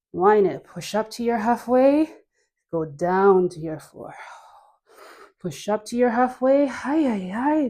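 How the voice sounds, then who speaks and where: A woman leading a dance workout class, cueing moves slowly between sighs and laughs, a bit out of breath. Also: medium pitch, a little mellow. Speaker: dance instructor.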